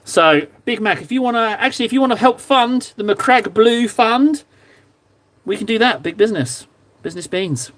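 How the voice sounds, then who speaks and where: A man's voice: high voice, lively intonation, moderate pace, a bit bright. A young man hosting a livestream, chatting casually and teasing his viewers in a playful, joking way while he paints miniatures. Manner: playful, teasing banter with chat. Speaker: livestream host.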